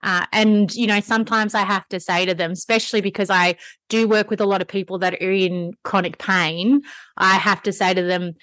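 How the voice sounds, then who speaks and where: A woman's voice: medium pitch, fairly even intonation, a little fast, a bit bright, dry recording. A woman podcast host who teaches classes, explaining in earnest, rambling casual chat.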